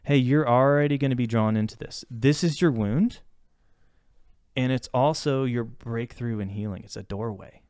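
Male therapist on a podcast mic, mid-pitched and smooth, dry close sound; thoughtful, circles back and restarts mid-thought. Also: moderate pace, a little mellow, no room sound. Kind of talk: casual podcast conversation.

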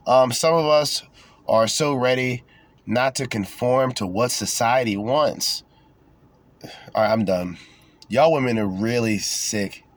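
Young adult male podcast host, sarcastic, profane ranting style, average pitch. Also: slow, dry recording. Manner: sarcastic, profane, mocking asides. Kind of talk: casual unscripted rant reading articles aloud.

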